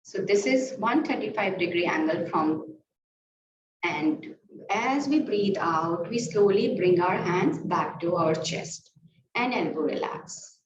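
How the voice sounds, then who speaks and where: Female yoga teacher, unhurried guided breathing cues, distant roomy recording with background noise. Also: mid-range voice. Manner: slow, calm cueing of breath and movement. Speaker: yoga instructor. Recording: roomy, distant, muffled, noisy room sound.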